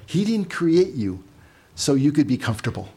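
Husky-voiced man preaching casually. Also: a little high, sing-song, normal speed, darkish tone. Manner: conversational, storytelling with asides and repeated words. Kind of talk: casual sermon.

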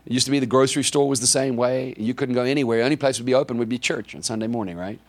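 A South African man, a preacher, telling a story in a sermon, animated and anecdotal, often repeating words as he goes. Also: mid-range voice, very fast.

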